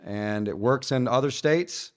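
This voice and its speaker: Male senator, blunt and plain-spoken, even-pitched. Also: a little slow. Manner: blunt, matter-of-fact. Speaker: senate floor leader. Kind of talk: panel discussion.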